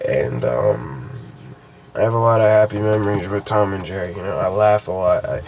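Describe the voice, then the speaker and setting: Young man, fairly low voice, casual creepypasta reading, rambling asides, faint hiss behind. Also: moderate pace, creaky, darkish tone, dull audio. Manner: rambling, hesitant, many fillers and restarts. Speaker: creepypasta reader.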